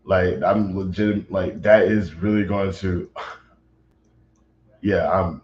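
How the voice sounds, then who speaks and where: Here the livestreamer's low, darkish voice holds a steady tone and moves slowly, though his talk is agitated and rambling, packed with fillers. It's casual stream chatter captured in roomy, dull lo-fi sound.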